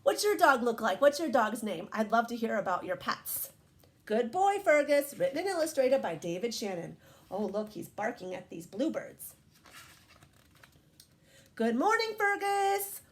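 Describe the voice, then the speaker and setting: A woman's voice: fairly high pitch, moderate pace. A woman reading a picture book aloud to young children, asking them questions as she goes. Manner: warm, animated, questions to young listeners.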